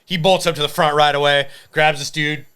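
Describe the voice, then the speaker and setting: Animated man telling a bar story. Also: fairly high pitch, fairly quick, clean tone. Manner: animated, profane, acting out quotes. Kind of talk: casual storytelling.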